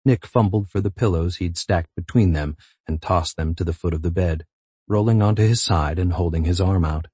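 A man narrating a novel in a measured, intimate reading. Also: low-pitched, dark tone, husky, no room sound. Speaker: audiobook narrator. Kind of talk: scripted narration.

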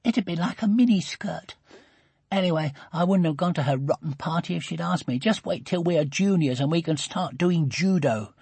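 A man voicing a bossy, blunt young schoolgirl in an audiobook, with a husky edge. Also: fairly high pitch, moderate pace, a little mellow, dry recording, voice pushed up. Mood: scheming. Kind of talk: audiobook character reading.

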